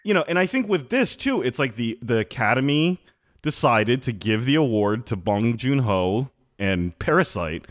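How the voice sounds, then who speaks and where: A man's voice: mid-range voice, normal speed. A man co-hosting a podcast in casual chat, rambling and acting out quotes. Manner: animated, rambling, acts out quotes. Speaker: podcast co-host.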